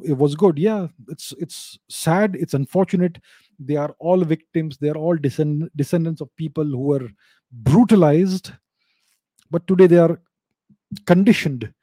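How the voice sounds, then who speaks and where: A man talks in a casual, opinionated commentary, often stumbling and repeating words. His voice sits slightly high yet sounds mellow and dark. The recording is close and dry. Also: moderate pace, no room sound. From India.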